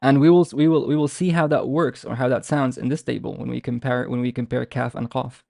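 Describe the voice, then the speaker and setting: Gravelly-voiced male language teacher. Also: mid-range voice, steady tone, darkish tone, no echo, studio quality. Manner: patient, repeats words, demonstrates sounds slowly. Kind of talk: explanatory lesson.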